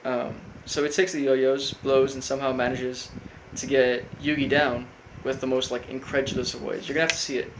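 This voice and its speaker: Guy rambling thru an episode recap, monotone, lots of um and you know, faint hiss behind. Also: mid-range voice, moderate pace, hardly any pauses, low-quality recording. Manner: rambling, full of fillers, quotes characters flatly. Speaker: recap host.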